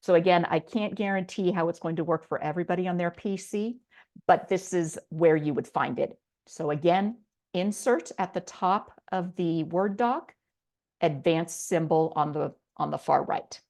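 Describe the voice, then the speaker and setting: A woman's voice: lowish voice, moderate pace, a little mellow. A middle-aged woman teaching a writing lesson online, explaining step by step in a patient way with a few fillers. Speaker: writing instructor.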